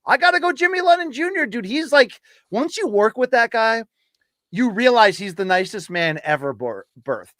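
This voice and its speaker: A man co-hosting a casual podcast, trading playful banter and laughing often. His voice is fairly high, and the recording is dry and close. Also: very animated, moderate pace, sharp tone, no room sound. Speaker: podcast co-host. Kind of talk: casual chat.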